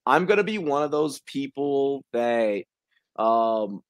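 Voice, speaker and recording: A man hosts a relaxed podcast conversation at an ordinary pitch. He laughs easily and circles back over his words as he thinks. The sound is dry and close. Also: slow, dry recording. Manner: laughs often, repeats words while searching for them. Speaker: podcast host. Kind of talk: casual podcast chat.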